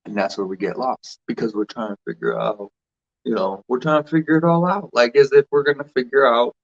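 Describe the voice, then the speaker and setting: A man's voice: medium pitch, fairly even intonation, a little fast, creaky, dull audio. A man hosting a casual livestream, rambling loosely with restarts and fillers as he greets viewers. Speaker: livestream host.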